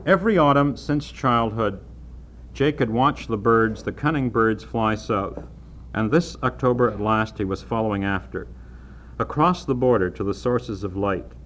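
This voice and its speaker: A man reading a novel aloud in a measured, wry storytelling manner. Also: on the low side, fairly bright tone, a little hiss or hum. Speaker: audiobook narrator.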